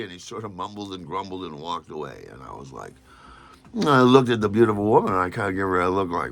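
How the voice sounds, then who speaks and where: A man hosting a podcast and telling a story in a casual way, animated and stammering as he acts out other people's lines. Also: low voice, quick pace, vocal fry. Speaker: podcast host.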